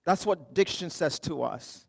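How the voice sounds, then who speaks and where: A middle-aged man, a pastor, preaching a conversational sermon, telling stories with humor and moving from quiet lows to loud emphatic highs. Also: moderate pace, vocal fry, slightly rough. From Canada.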